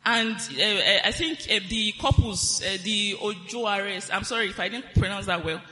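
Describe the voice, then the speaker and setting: A woman preaching a sermon on marriage, animated, laughing often and lifting phrases into a sing-song lilt. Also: mid-range voice, moderate pace, in a large hall, faint music behind.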